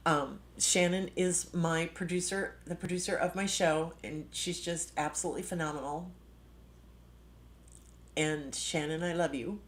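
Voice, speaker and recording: A middle-aged woman hosting a live stream, speaking with passionate, indignant emphasis and sudden jumps in her voice. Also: on the low side. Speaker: livestream host. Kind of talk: emotional live-stream commentary.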